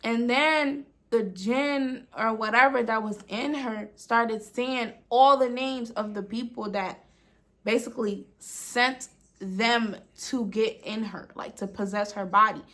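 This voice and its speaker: A woman's voice: fairly high pitch, fairly even intonation, takes it slowly, a bit bright. A woman vlogger telling a storytime tale in a casual way, dropping "like" often and half-whispering at times. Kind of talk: storytime vlog.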